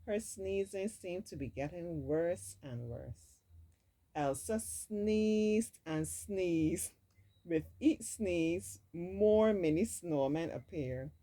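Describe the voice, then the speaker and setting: Lady reading a kids storybook out loud, low dark voice, swoopy expressive delivery. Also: takes it slowly, rough recording. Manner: expressive, adds casual asides. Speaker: storybook reader. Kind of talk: storybook read-aloud.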